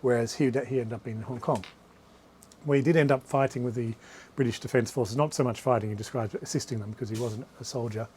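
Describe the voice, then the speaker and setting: A man's voice: mid-range voice, steady tone, quick pace, a little mellow, slight background noise. A man, an author, giving a live talk about his books in a bookshop, rambling through anecdotes with frequent restarts and asides. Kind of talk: live talk to a small audience.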